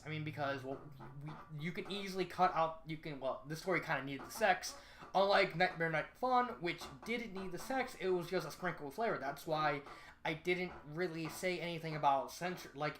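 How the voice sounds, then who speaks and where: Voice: mid-range voice, a bit bright. A fan fiction reviewer talking through a casual spoken review, rambling and correcting themself, hammering points home by repeating them. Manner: rambling, frequent self-corrections.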